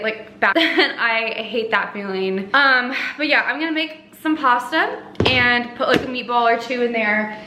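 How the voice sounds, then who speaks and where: A woman's voice: a little high, bright, forceful tone, reverberant, slight background noise. A young woman in her twenties chatting casually at home as a vlogger, talking through her routine with lots of "like" and little laughs. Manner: chatty, says "like" often, laughs between thoughts. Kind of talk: casual vlog chat. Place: at home, indoors.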